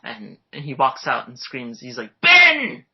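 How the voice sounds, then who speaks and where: A young man chatting casually while reviewing a movie, excitable and often acting out scenes. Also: medium pitch, moderate pace, vocal fry, husky. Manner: excitable, acts out movie lines. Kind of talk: casual chat. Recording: dull lo-fi recording.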